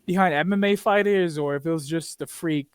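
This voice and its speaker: A man co-hosting a podcast in casual chat, a relaxed storyteller who uses slang. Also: a little high, a little fast, smooth, dry recording, clean studio sound. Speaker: podcast co-host.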